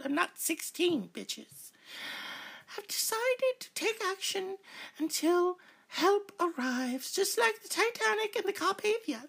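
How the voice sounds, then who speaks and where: A woman's voice: very high-pitched, gravelly, voice pushed up, heavily acted. A woman voicing a feisty 92-year-old woman who takes charge and talks crudely. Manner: brash, swaggering, crude.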